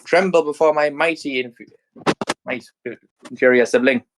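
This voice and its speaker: A man voicing a boastful villainous AI girl, the evil twin, in a loud and boisterous gloating manner. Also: fairly high pitch, normal speed, background noise, pitched above the performer's own voice, natural voice.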